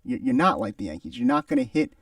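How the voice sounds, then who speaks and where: Young male sports talk co-host, lively pitch, gravelly, emphatic and opinionated; dry sound from a bit off mic. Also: fast talker, no room sound, recorded from a distance.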